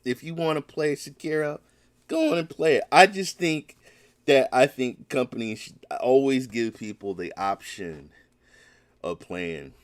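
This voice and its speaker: A man talks through his gaming podcast alone, rambling and emphatic, restarting his sentences often. His voice sits at an ordinary middle pitch. The sound is dry and close to the mic. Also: unhurried, no room sound. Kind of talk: casual solo podcast talk.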